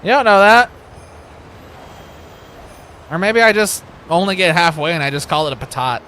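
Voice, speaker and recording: Bright-voiced man streaming a game. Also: sits high, animated, normal speed, a little hiss or hum. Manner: joking, rambling, laughs often. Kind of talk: casual gaming livestream chat.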